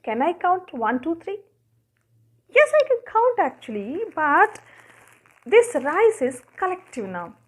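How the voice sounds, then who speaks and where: Animated high-voiced woman teaching grammar. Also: unhurried, long pauses. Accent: Indian English. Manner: asks questions and answers them herself, counting objects aloud. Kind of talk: classroom lesson.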